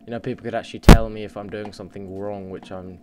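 A man's voice: fairly low pitch, flat delivery, fast, very noisy. Rambling, cussing let's play guy. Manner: rambling, swears freely, talks to himself. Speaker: gaming channel host. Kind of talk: casual let's play commentary.

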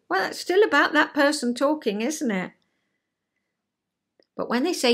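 An older woman talking through a lesson in an easygoing, chatty vlog. Her higher voice swings up and down with great liveliness. She takes her time and keeps asking her listener homely rhetorical questions. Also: expressive, takes it slowly, pauses often, fairly bright tone, breathy edge. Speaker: retired counsellor and vlogger. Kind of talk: chatty explanatory vlog talk.

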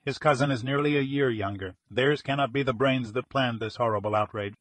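A man voicing a hysterical, slow-witted wealthy middle-aged man who cries out in alarm in a detective audiobook. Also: mid-range voice, no echo, close to an everyday voice. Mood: pleading. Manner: excitable, crying out in alarm.

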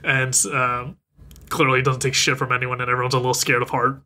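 A man's voice: mid-range voice, fairly quick. A podcast host man recapping an anime in casual chat, laughing often. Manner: laughing often, animated retelling.

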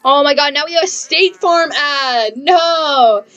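A woman live-streaming a game in casual chat, bubbly and chatty, reading messages aloud and thanking viewers with excited squeals. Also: high voice, takes it slowly, dull audio, faint music behind.

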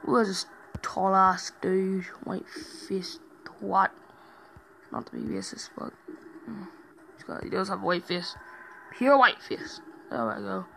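A young man hosting a horror game let's-play, rambling and swearing heavily and often startled into loud yelps. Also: high-pitched, vocal fry, slight background noise, low-quality recording. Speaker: gaming channel host.

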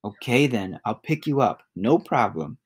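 A man's voice: medium pitch, big pitch swings, a little slow, husky. A man reading aloud and voicing a caring, worried mother who apologizes and fusses. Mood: fussing. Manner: apologetic, fussing.

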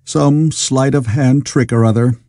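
A man's voice: mid-range voice, steady tone, unhurried, warm tone, no echo, natural voice. A man doing a dry Victorian doctor.

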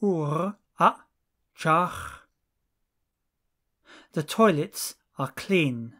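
A language teacher working through lesson drills at a very slow, careful pace. Each short phrase is set apart and clearly spoken, one after another, in a mid-range voice. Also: medium pitch, lively intonation, sharp tone.

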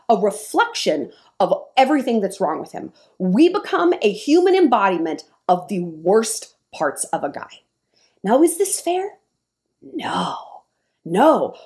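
A woman vlogger speaks straight to her viewers about dating and relationships. Her voice sits on the higher side and swings widely in pitch. She talks emphatically and holds firm opinions. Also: a little mellow. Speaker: vlogger giving dating advice. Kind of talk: monologue to camera.

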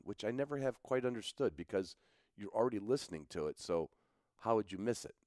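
A road-weary man hosts a podcast in a low, easygoing voice. He rambles and jokes at his own expense, drifting into asides, while sitting at a picnic table in a garage. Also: quick pace, dark tone. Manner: jokey, self-mocking, rambling asides. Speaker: podcast host. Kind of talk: casual rambling chat.

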